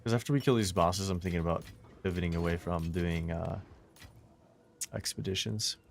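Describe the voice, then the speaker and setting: A low-pitched man chats casually while he plays, musing aloud about his choices. His voice sounds dry and worn, and steady noise hums behind him. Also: normal speed, vocal fry. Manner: laid-back, musing aloud. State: parched, losing his voice. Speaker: streamer. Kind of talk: casual gameplay commentary.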